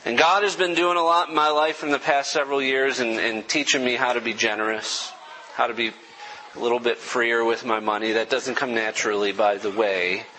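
Bright, earnest man preaching a testimony. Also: mid-range voice, fairly even intonation, a little fast, in a large hall, slight background noise, poor audio. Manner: earnest, self-deprecating, chokes up with emotion. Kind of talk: sermon testimony.

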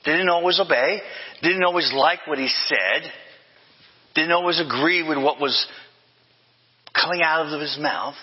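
A man's voice: fairly high pitch, measured pace, pauses often, breathy edge, in a large hall, lo-fi sound. An older man preaching a sermon as pastor, emphatic, with repeated refrains and self-corrections.

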